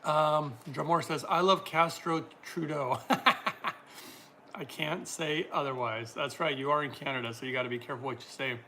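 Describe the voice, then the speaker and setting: A man's voice: fairly high pitch, normal speed, bright, forceful tone, slight background noise. A man hosting a casual livestream, reading out viewer comments and answering them in a chatty way, laughing often.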